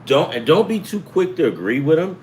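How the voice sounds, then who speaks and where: A man's voice: on the high side, very animated, a little fast, darkish tone, a little hiss or hum, poor audio. A middle-aged man hosting a sports betting talk, rambling and profane, jumping from topic to topic. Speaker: sports betting show host. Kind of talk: rambling casual chat.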